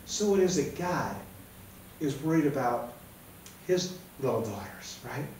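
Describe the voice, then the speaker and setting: A man's voice: medium pitch, lively intonation, measured pace, darkish tone, a little hiss or hum. A man preaching a sermon in a conversational way, often checking in with "right?". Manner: conversational, keeps asking "right?". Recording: very echoey room, mic far off.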